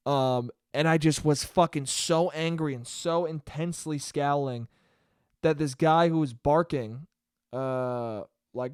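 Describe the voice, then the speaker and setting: Young man, solo podcast host, rambling, profane, self-deprecating, slightly high voice, dry close mic. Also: expressive, moderate pace, dry recording.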